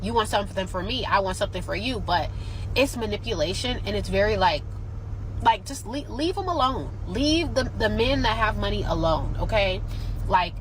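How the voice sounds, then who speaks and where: A woman's voice: medium pitch, animated, normal speed, rough recording. A woman telling her personal story in a casual, rambling way, leaning heavily on "like". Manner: rambling, heavy use of "like". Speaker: guest interviewee.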